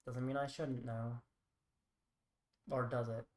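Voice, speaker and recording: A woman streaming a card game who mutters her plays aloud in a wry, thinking-out-loud manner. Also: very deep voice, level tone, slow. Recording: roomy echo.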